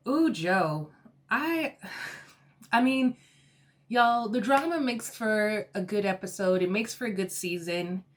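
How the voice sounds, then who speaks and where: A woman giving a casual, animated recap of a reality show episode, exasperated and often laughing. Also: mid-range voice, slow pace.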